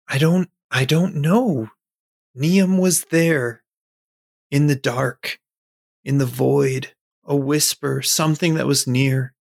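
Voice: mid-range voice, creaky, full character voice. A tabletop player voicing a confused, newly awakened being who stammers through answers. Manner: halting, stammering, bewildered. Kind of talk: tabletop role-play voicing.

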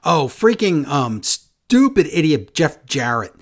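A man's voice: a little high, sing-song, slow. A man co-hosting a casual wrestling podcast, talking in a sarcastic, exasperated way. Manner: sarcastic, exasperated, mocking impressions. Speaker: podcast co-host.

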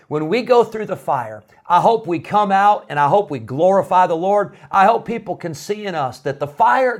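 Earnest preaching man, slightly high voice. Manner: earnest, emphatic, conversational preaching. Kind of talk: devotional sermon.

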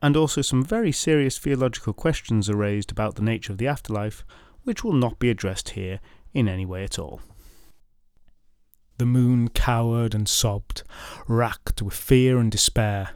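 A man narrating a folklore podcast story, mixing dramatic retelling with wry, deadpan comic asides. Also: mid-range voice, moderate pace, clear, resonant tone, no room sound, studio quality.

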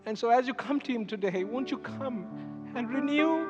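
A man's voice: very high-pitched, expressive, normal speed, lo-fi sound. A man, a pastor, preaching a sermon with emphatic storytelling. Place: church sanctuary. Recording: echoey church hall with music underneath.

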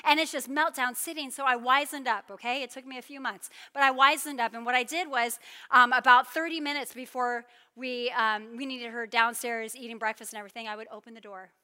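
Preacher, female, 30s, high bright voice, lively storytelling sermon in a reverberant hall. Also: a little fast. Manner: animated storytelling with playful asides.

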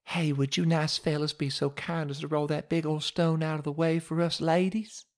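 A man's voice: fairly high pitch, level tone, moderate pace, pitched above the performer's own voice, lightly acted. A man voicing sweet-talking women with a southern accent, coaxing and overly polite. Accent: American Southern.

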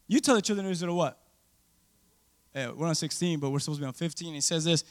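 A man preaching a sermon, calling out to the congregation for responses and swinging between loud exclamations and hushed asides. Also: fairly high pitch, brisk, long pauses. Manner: animated, asks the congregation for responses.

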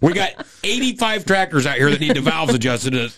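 A man joking crudely in a casual chat, speaking fast. A loud crowd is heard behind his voice. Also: fairly high pitch, sing-song.

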